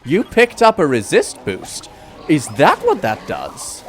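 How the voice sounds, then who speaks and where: A man talks through a video game in a wry, self-mocking way. His voice is lively and on the high side. Quiet music plays under it. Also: slow pace. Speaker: gaming YouTuber. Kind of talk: casual gameplay commentary.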